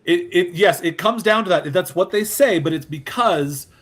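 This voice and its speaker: A man hosts a casual podcast chat in a measured, hedging way, sprinkling in "like" as he builds his argument. His voice is somewhat high for a man. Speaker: podcast host.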